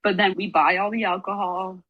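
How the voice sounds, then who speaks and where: Husky young woman telling a story. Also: medium pitch, fairly quick, narrow, tinny audio. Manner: animated, swearing, acts out quoted voices, frequent "like". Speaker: guest, former college soccer player. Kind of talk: casual podcast storytelling.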